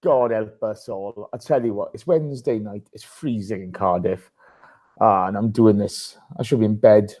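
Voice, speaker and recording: A man's voice: fairly low pitch, normal speed, dark tone, poor audio. A man hosting a casual live podcast, chatting and greeting listeners by name. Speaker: podcast host.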